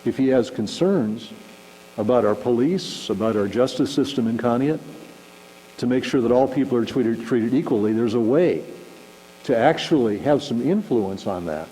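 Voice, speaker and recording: A man delivers a relaxed, conversational sermon, now and then acting out little scenes to make his point. His voice rings with a long hall reverb, and a faint electrical hum sits underneath. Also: mid-range voice, normal speed. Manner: conversational, animated, acts out shouting examples. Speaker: pastor. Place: church sanctuary.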